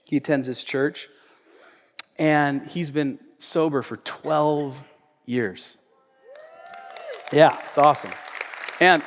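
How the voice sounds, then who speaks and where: A male pastor preaching a sermon in a church sanctuary, conversational, swinging from loud emphasis to quiet asides. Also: on the high side, a little hiss or hum. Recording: echoey church hall.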